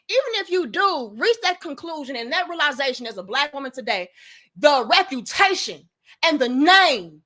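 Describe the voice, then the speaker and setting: A woman's voice: sits high, sharp tone. A young adult woman, delivering a blunt, profane, preachy opinion monologue as a commentary show host.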